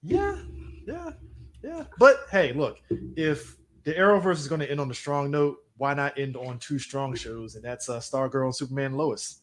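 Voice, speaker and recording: Chatting casually on a comic-book podcast he co-hosts, a man wanders through anecdotes and performs the voices of people he quotes. He speaks at a moderate pace with medium pitch and lively intonation, over slight background noise.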